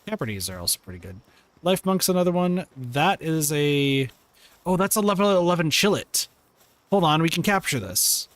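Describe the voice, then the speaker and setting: A man's voice: a little high, animated, moderate pace, a bit bright, no echo. A man streaming a game live, chatting playfully, reading and answering chat and reacting to the game as he plays. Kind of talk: live gameplay commentary. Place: home room.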